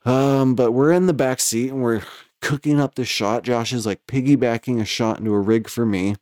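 A man's voice: mid-range voice, steady tone, moderate pace, darkish tone, no echo, studio quality. A man with a West Coast American accent telling a story in casual chat, profane and rambling, laughing between lines.

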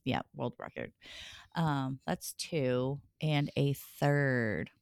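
A woman's voice: a bass voice, drawn-out words, vocal fry, no echo, clean studio sound. A woman in her thirties co-hosting a podcast in casual chat, blunt and candid, swearing freely. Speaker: podcast co-host.

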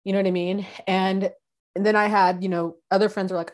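A woman's voice: medium pitch, little pitch movement, brisk, darkish tone. A woman from San Diego in casual conversation, explaining her points earnestly. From San Diego, United States.

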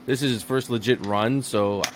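A man's voice: mid-range voice, fairly even intonation, normal speed, slight background noise. A man co-hosting a casual podcast who rambles through exasperated retellings. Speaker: podcast co-host. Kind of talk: casual chat.

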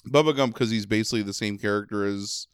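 A man's voice: fairly low pitch, fast, clear, resonant tone, no room sound, clean studio sound. A man with a slightly nasal voice, rambling sarcastically through a movie review in casual chat. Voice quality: a little nasal. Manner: rambling, sarcastic, many ums and likes. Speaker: podcast co-host reviewing a movie.

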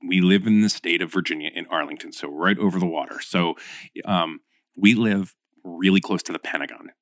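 A talkative man guesting on a casual podcast, eager and quick to act out quoted lines. His voice sits a little low, and the sound is dry and close with no room around it. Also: fairly bright tone, no room sound. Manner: talkative, enthusiastic, acts out quotes. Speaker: podcast guest, audio editor.

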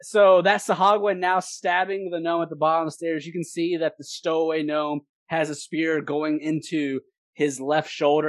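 Game master, tabletop narration, lively voice, dry close sound. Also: mid-range voice, dry recording. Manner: lively, laughing narration with quick asides.

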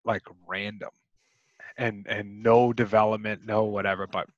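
A man's voice: on the low side, flat delivery, moderate pace, no room sound, highs cut off. A man co-hosting a podcast, chatting casually about a movie, rambling with many restarts and fillers. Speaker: podcast co-host.

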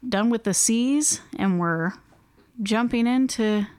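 Smooth-voiced woman telling a story. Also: fairly high pitch, takes it slowly, no echo, clean studio sound. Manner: animated storyteller, acts out quotes. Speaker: podcast co-host. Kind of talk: casual chat.

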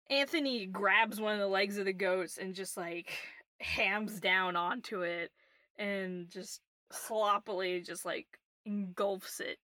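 A woman game master narrating a tabletop game in a relaxed, rambling way full of fillers. She speaks slowly with a bright, clear tone, recorded dry and close to the mic. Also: medium pitch, no room sound. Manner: relaxed, filler-heavy, giggly.

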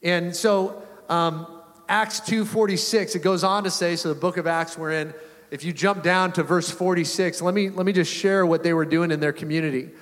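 A male pastor preaches with a loose, chatty storytelling manner and often chuckles mid-sentence. His voice sits a little higher than most men's. Each phrase rings out with a long reverb, as in a large church hall. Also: normal speed. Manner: conversational, animated, chuckling often. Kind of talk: storytelling sermon.

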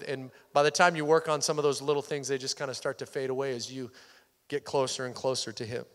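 A man's voice: medium pitch, level tone, fast, a bit bright. A male pastor giving a Sunday sermon in a conversational way, sometimes dropping to a near-whisper. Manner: conversational, drops to near-whisper for intimate points. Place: church sanctuary. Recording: hall reverb.

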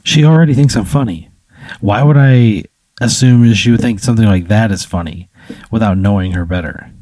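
A man in improvised comic banter, asking deadpan, incredulous questions. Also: lowish voice, normal speed, dry recording.

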